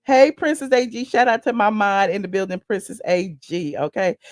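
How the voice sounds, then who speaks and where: A woman from Atlanta, hosting a casual live stream with animated, rambling asides. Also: mid-range voice, moderate pace, dry recording, studio quality. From Atlanta, USA. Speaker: host.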